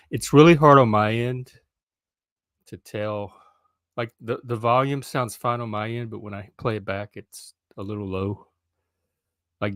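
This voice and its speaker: A middle-aged man chats loosely to his viewers, pausing often with ums as he thinks aloud. His voice sits low and is recorded close and dry, with no room sound around it. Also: no echo. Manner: rambling, hesitant, lots of ums. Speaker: live stream host. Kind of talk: casual solo live stream chat.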